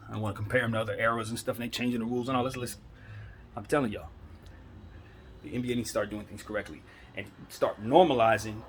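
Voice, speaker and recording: A man's voice: fairly low pitch, fairly even intonation, fast talker, pauses often, a little hiss or hum. A man hosting a basketball commentary show, giving a fired-up, preachy opinion monologue full of rhetorical questions.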